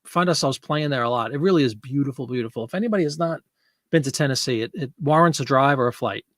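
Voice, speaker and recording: Talking fast in a medium-pitched, slightly bright voice, a man hosts a casual live selling stream and chats with his viewers. He rambles, laughs frequently, and reads their comments aloud as he responds. The audio is studio quality with no room sound.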